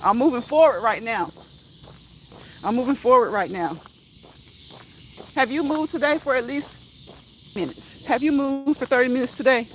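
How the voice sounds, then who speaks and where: A woman's voice: high-pitched, moderate pace, long pauses, low-quality recording. Chatty woman on an outdoor walk. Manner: chatty, teasing, laughs often. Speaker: vlogger on a live walking stream. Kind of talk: casual chat while walking. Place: outdoors in a rural area, walking uphill. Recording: outdoor noise with insects.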